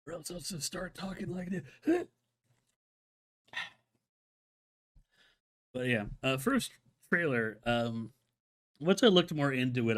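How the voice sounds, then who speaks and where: A man's voice: mid-range voice, a bit bright. A man hosting a solo live-stream show, chatting casually and enthusiastically, rambling with many restarts and filler words.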